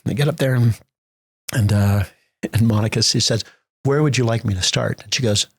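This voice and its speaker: A middle-aged American man, a theater festival executive, telling lively stories in a podcast interview and acting out the voices he quotes. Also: mid-range voice, normal speed, vocal fry, husky, no echo. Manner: animated storyteller acting out quotes.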